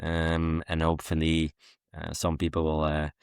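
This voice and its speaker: A young adult man with a West Flemish accent co-hosting a podcast in casual chat, relaxed and full of ums and uhs. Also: extremely low pitch, moderate pace, gravelly, clean tone, no echo, studio quality. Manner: relaxed, many ums and uhs, laughs often. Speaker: podcast co-host.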